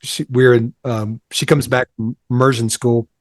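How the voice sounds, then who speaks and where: A man's voice: medium pitch, level tone, normal speed, no room sound. Upbeat male podcast host, dry sound. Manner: friendly, upbeat reactions. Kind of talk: casual interview chat.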